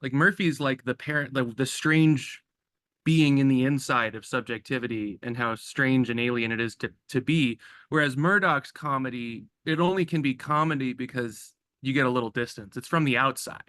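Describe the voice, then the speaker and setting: A man in a casual book chat, tossing out opinionated takes. His voice is bright and forceful. The sound is dry and close, with no room echo. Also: medium pitch. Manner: quick opinionated remarks, laughs often. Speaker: book discussion participant.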